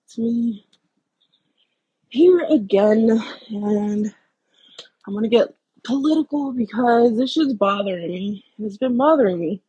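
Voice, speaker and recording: Husky woman vlogger ranting hard and cussing a lot, kinda high voice. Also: measured pace, long pauses, warm tone, highs cut off. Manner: blunt, profane, heated. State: out of breath. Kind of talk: political rant to camera.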